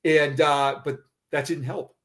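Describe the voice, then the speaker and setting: A middle-aged man, a retired police officer, telling a personal story in conversation, halting and often repeating words. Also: fairly high pitch, flat delivery, fairly bright tone.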